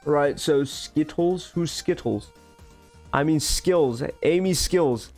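An excitable male streamer chats his way through a live game session, greeting viewers by name and reacting to chat. His voice sits on the higher side, and soft music plays faintly underneath. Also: slow.

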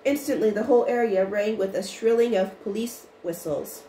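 A woman narrating a storybook chapter in an even, unhurried reading voice with small restarts. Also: mid-range voice. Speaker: audiobook reader. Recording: roomy with faint noise.

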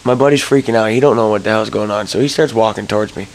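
A young man telling a rambling story to camera, early in the morning, swearing and jumping to high yelps when he gets excited. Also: fast, rough recording. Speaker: vlogger.

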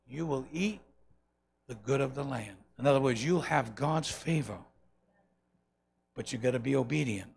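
Gravelly-voiced preacher with rising, swelling delivery. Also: male voice, mid-range voice, moderate pace, pauses often. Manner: rousing preacher, swells loud on key lines then drops soft. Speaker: pastor. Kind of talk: sermon with closing prayer. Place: church sanctuary.

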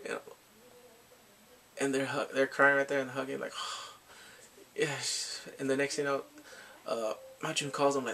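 A man casually recapping and reviewing a drama, excitable and animated, often laughing and acting out his reactions. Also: mid-range voice, unhurried, long pauses, a little hiss or hum.

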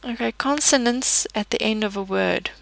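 Patient woman teaching French sounds, slight fry. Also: on the high side, slight background noise. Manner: patient, methodical, slows down to model words. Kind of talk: explanatory language lesson.

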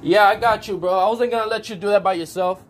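A man telling a story in a casual, profane, animated vlog, talking outdoors with faint traffic behind him. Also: sits high, quick pace. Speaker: vlogger.

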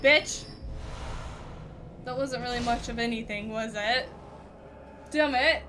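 A young woman giving casual, profane let's-play commentary, reacting loudly and laughing at the game. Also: a little high, slow pace, background noise. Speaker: gaming streamer.

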